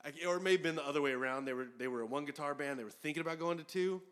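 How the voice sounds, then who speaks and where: A man's voice: a little high, very fast, clean tone. A man telling a story in casual chat at a house party, swearing a lot and acting out what people said. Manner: profane, animated storyteller acting out quotes. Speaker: former metal band guitarist, podcast guest.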